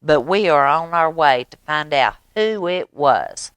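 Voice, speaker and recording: A woman's voice: deep voice, animated, unhurried, fairly bright tone, smooth, dry recording. A woman doing a bold nosy possum. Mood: demanding. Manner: demanding, raising voice. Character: curious, bold male possum.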